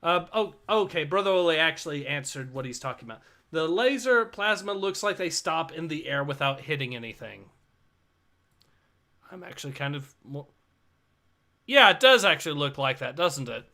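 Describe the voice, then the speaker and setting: A man co-hosting a casual livestream, reading viewer comments aloud in a dry, flat way. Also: a little high, moderate pace. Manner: reads chat messages in a flat, dry tone. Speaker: co-host reading a comic on a livestream.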